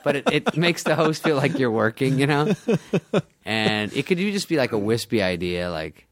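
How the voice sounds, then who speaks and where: A middle-aged man spinning backstage stories in a casual interview, his pitch leaping up and down as he laughs and mimics people. He curses freely and cracks himself up along the way. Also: normal speed. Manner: animated, laughs often, swears freely, mimics other people. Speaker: guest, former sketch show writer and performer. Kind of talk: casual storytelling in a podcast interview.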